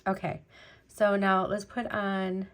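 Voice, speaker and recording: A woman's voice: mid-range voice, completely flat delivery, slow, a bit bright. A middle-aged woman hosting a beading video, chatting casually with lots of fillers as she works. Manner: chatty, many fillers, rambling. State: choked up, teary. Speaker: beading channel host. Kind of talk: casual chat while beading.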